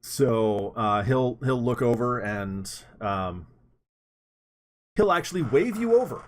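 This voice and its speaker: A man running a tabletop game as game master, hesitant with many pauses. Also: mid-range voice, lively intonation. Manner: hesitant, many ums and restarts.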